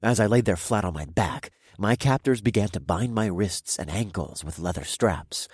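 A man's voice: fairly low pitch, expressive, normal speed, a little mellow, breathy edge, no echo, clean studio sound. A young man narrating a first-person audiobook in a wry, casual, profane way.

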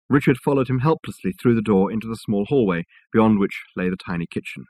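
Guy reading a novel aloud, husky lowish voice, measured and wry, dry close mic. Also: lively intonation, a little mellow, no echo. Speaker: audiobook narrator. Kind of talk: scripted narration of a novel.

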